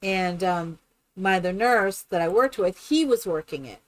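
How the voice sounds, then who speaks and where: A woman's voice: mid-range voice, lively intonation, normal speed. A woman chatting casually and rambling with many fillers while she builds in a game on a live stream.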